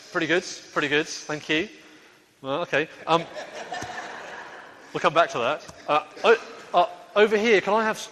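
A man leading a lively, interactive Bible story for a congregation, coaxing the crowd into sound effects. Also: fairly high pitch, slight background noise. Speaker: preacher leading a children's talk. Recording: echoey hall with faint ambience.

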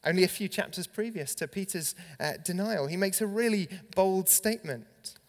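A man's voice: high voice, moderate pace. A man preaching a sermon, reading scripture aloud with dramatic rises and drops in emphasis. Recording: long reverb.

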